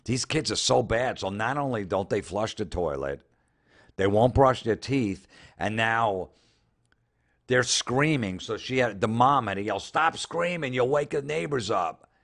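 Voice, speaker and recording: In a fairly low, bright-toned voice, a comedian host reads social media posts a little slowly and expressively. His running commentary is sarcastic and incredulous, peppered with frequent swearing.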